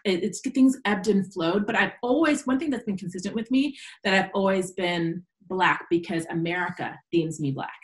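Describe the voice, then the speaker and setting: A woman in her forties, an educator, telling stories casually in an interview and acting out quoted voices. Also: poor audio. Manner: animated storyteller, acts out quoted voices in a higher pitch. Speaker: podcast guest, educator.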